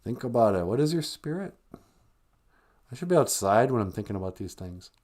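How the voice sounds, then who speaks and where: A man's voice: medium pitch, big pitch swings, a little fast, a little mellow. A man hosting a live stream, talking casually and with dry humor about emotions and spirit. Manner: wry, joking, conversational, slips into comic voices. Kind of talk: casual teaching monologue.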